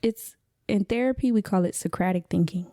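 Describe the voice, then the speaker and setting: A woman chatting casually on a podcast, an animated storyteller who acts out her son's lines in a high voice. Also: fairly quick, no echo, clean studio sound. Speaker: guest.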